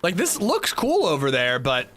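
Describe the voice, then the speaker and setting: A man's voice: fairly high pitch, wildly swooping pitch, moderate pace, fairly bright tone. A man livestreaming a game, chatting casually in a rambling way, swearing freely and saying "like" a lot. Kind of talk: casual gameplay commentary.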